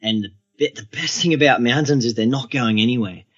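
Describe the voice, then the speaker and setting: A man, a guest on an interview podcast, telling adventure stories in a relaxed, steady way. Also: mid-range voice, a little fast, husky, highs cut off, soft background music.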